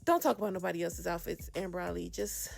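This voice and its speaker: A woman's voice: fairly low pitch, fast talker, gravelly, soft background music. A woman hosting a casual reality TV recap, chatty and sassy, laughing often as she talks to her viewers.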